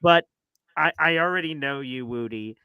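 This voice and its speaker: A man hosting a casual sports talk show, telling stories in an animated way and acting out his own reactions. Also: mid-range voice, moderate pace, vocal fry, clear, resonant tone, no room sound. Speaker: podcast host.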